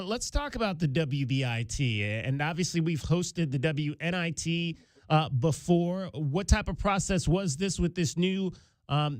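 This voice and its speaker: A man hosting a sports talk radio show, chatting casually with many fillers and restarts. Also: a little high. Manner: conversational, with frequent fillers and restarts.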